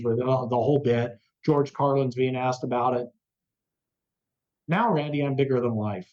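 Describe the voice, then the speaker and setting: An older man, a radio host, telling lively anecdotes in an interview and acting out the voices of the people in them. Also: medium pitch, moderate pace, pauses often, muffled recording. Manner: animated anecdote telling, acts out quoted voices. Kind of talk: storytelling in an interview.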